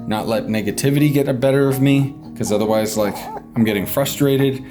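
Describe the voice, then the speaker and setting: A man's voice: medium pitch, fairly quick, music in the background. A young man, a new father, talking frankly on a casual home vlog, stressed and swearing freely. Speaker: vlogger, father of a baby.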